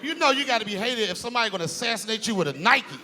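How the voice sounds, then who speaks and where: A male stand-up comedian performing on stage with a loud, animated delivery that breaks into shouts. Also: high-pitched, racing. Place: live comedy stage before an audience. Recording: live audience laughter and room noise.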